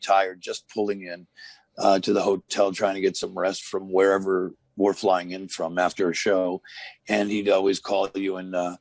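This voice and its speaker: A man's voice: sits low, monotone, moderate pace, no room sound. A man in his fifties, a former wrestler, telling rambling stories in a casual interview, full of fillers and restarts.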